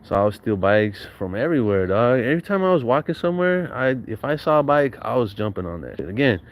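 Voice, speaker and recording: A man's voice: medium pitch, very animated, fast talker. A young man telling stories from his youth in a casual, slangy, profane way, acting out what people said. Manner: slangy, profane, laughs often, acts out quotes. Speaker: storyteller recounting his youth. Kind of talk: casual storytelling monologue.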